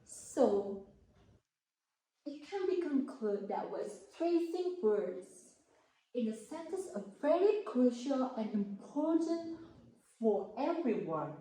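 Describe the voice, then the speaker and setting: Slow, halting woman in an echoey room. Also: high-pitched, very animated, mellow. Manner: slow, halting, careful over each word. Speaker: student presenter. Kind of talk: classroom explanation.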